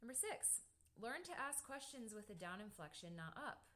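A woman's voice: fairly high pitch, sing-song, normal speed, sharp tone. A woman in a casual podcast chat, working through a numbered list of tips. She keeps it chatty and playful, joking with her co-host as she goes.

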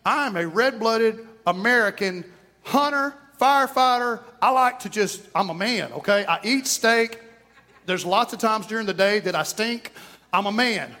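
East Texan pastor, folksy joking sermon, high-pitched male voice. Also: expressive, measured pace, bright, forceful tone. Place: church sanctuary.

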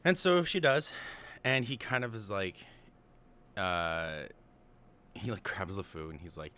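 A man's voice: low-pitched, measured pace, pauses often, pushed and bright, a little hiss or hum. A young man casually recapping and analyzing a film, rambling with lots of fillers and offhand paraphrases of the characters. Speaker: film commentator.

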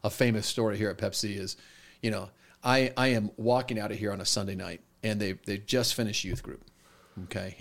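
A man who is a pastor, telling a story in a casual podcast chat and acting out quoted lines with lively energy. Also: fairly low pitch, creaky.

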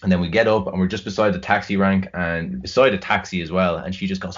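A man's voice: low-pitched, fast talker, few pauses, slightly rough. A young Irish man telling a rambling, sweary story in casual chat. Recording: dull lo-fi recording.

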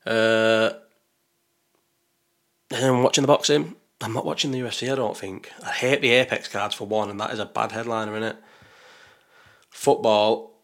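A man with a somewhat low-pitched voice chats loosely through his betting picks. He rambles and thinks out loud, doubting himself and correcting his choices as he goes. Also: fairly even intonation, moderate pace, pauses often. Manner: rambling, talks to himself, second-guesses aloud. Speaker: betting vlogger. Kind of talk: casual chat while placing bets.

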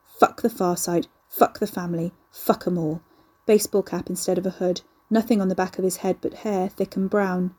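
A woman narrating an audiobook in an even, measured reading. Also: on the low side, slightly rough.

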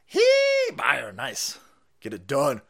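A man's voice: mid-range voice, takes it slowly, creaky, husky. A man hosting a livestream, ranting in a foul-mouthed, mocking way. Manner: loud, mocking, swings between mutters and yells. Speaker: livestream host. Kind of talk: foul-mouthed political rant.

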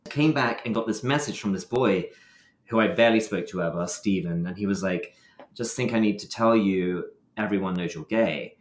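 A young man with a Scottish accent tells a personal story in a relaxed, self-mocking way, jumping into animated quoted lines. His voice sits somewhat low. The sound is roomy, with noticeable reverb. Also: moderate pace. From Scotland. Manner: expressive, self-mocking, lively quoted asides. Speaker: guest. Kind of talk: casual storytelling.

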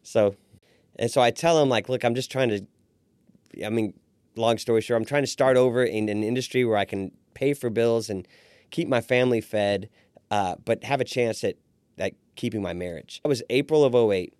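A man's voice: mid-range voice, moderate pace, no room sound. A man in his forties, a restaurant owner, telling his story as a podcast guest and acting out the voices of the people he quotes. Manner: animated storyteller who acts out quoted voices. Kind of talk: storytelling in a casual interview.

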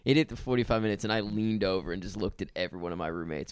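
A man's voice: lowish voice, expressive, quick pace, few pauses, fairly bright tone, clear, resonant tone, no room sound. Dry-voiced man ranting wryly about a film. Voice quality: profane, wry storytelling. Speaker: podcast co-host. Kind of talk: casual movie review chat.

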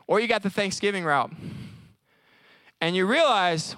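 A man preaching at a college service in a conversational, animated way, often acting out little voices. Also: sits high, a little slow, clear, resonant tone, no echo. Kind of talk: sermon.

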